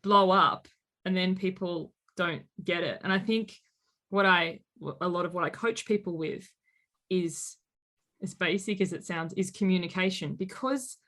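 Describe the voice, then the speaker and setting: Animated woman in her late thirties. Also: lowish voice, unhurried. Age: late 30s. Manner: animated storyteller, acts out quotes. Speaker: guest life coach. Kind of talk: conversational interview.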